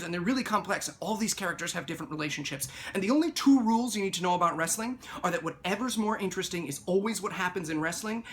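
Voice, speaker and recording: A young man delivering a comedic rant to the camera, animated and quick, breaking into loud mock shouting. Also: high-pitched, slight background noise.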